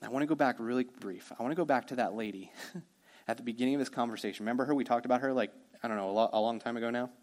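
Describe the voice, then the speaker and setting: A man preaching a sermon as pastor, energetic and conversational, with quick asides to the congregation. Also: medium pitch.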